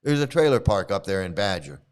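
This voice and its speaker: A middle-aged man, a former devotee who now hosts commentary videos, casually rambles through a story, chuckling, restarting often and mimicking the people he quotes. His voice is fairly low, clear and resonant, very animated and brisk.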